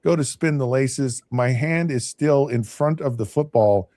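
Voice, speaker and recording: A former NFL quarterback in his fifties, now a podcast host, tells a long, casual anecdote in a relaxed, mellow, medium-pitched voice, speaking a little slowly. He rambles, restarting sentences and repeating words, and the recording is close and dry with no echo or room sound.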